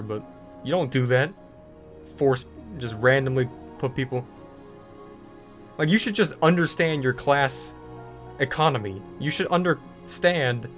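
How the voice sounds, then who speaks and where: Young guy, mid-pitched, rambling gaming rant, faint music under it. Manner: ranting, frequent fillers and restarts. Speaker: gaming video creator. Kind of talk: casual rant over gameplay.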